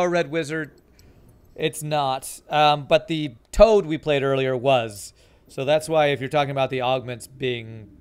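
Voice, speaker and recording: A man streaming a strategy game live, talking casually through his moves and reading out and answering viewer chat. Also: medium pitch. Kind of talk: live gameplay commentary.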